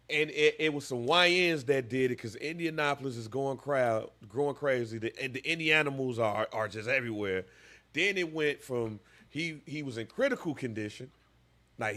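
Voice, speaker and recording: A man's voice: mid-range voice, sharp tone. A man in his thirties, a podcast co-host, telling a story with lots of animation and acting out voices in casual chat.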